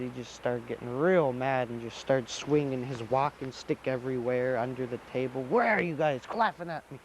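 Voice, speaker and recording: A man's voice: mid-range voice, darkish tone, poor audio. Man telling a folk tale, faint hiss. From Alaska. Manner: loose, repetitive, conversational storytelling. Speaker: storyteller.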